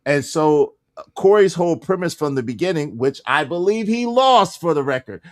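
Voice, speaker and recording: A man's voice: fairly high pitch, expressive, normal speed. A man hosting a casual livestream panel, arguing his points insistently and repeating them for emphasis. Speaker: livestream host.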